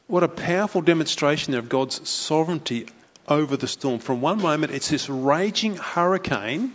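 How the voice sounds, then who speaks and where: A man preaches a sermon, retelling a Bible story with lively energy. His voice sits a little higher than most men's. The recording is dull and lo-fi. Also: normal speed. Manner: animated storytelling, acting out the sailors' voices.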